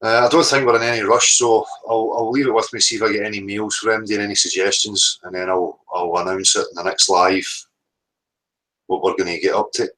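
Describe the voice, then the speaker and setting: A man's voice: on the low side, steady tone, a little fast, sharp tone, rough recording. Rambling Scottish livestream host, man. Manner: rambling, hesitant with many ums. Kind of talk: casual live chat sign-off.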